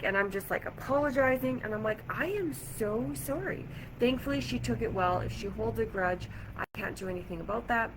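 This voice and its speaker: Lady vlogging a story to her camera, chatty and animated, says like a lot, bit of noise behind. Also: mid-range voice, rough recording. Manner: chatty, animated retelling with frequent "like". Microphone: camera or phone mic.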